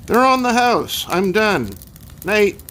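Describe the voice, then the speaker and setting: A man's voice: high-pitched, expressive, slow pace, sharp tone, a little hiss or hum, pitched above the performer's own voice, heavily acted. A man reading aloud and voicing a blunt, offhand man trading bones, in a storybook reading. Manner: blunt, casual.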